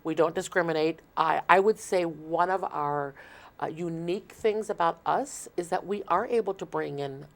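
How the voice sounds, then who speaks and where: A woman speaks as a guest in a casual interview, in a slightly low voice. She explains earnestly and at length, often restarting her sentences as she goes. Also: moderate pace. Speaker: shelter marketing manager, guest.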